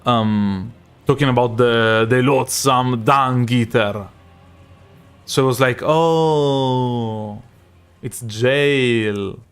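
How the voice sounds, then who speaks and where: A man's voice: mid-range voice, fairly even intonation, takes it slowly, fairly bright tone, smooth, soft background music. Italian-accented man streaming a game. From Italy. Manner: rambling, self-correcting, chatty with chat. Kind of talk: live gameplay commentary.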